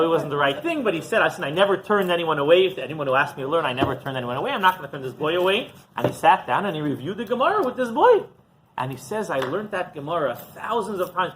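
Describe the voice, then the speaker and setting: Lively, bright-voiced rabbi telling stories. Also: male voice, on the high side, rough recording. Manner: animated storyteller, asks the audience rhetorical questions. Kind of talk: Torah class storytelling.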